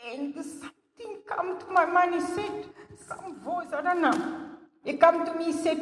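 An older woman, giving a personal testimony in church in halting English. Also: extremely high pitch. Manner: halting non-native English, earnest storytelling. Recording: echoey hall, voice from far off.

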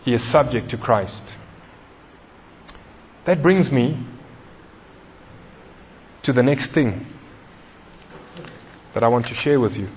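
A man's voice: mid-range voice, lively intonation, takes it slowly, long pauses, darkish tone, in a large hall, a little hiss or hum. A man preaching a sermon, emphatic and repetitive, putting questions to the congregation. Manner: emphatic, repeats key phrases, questions the congregation.

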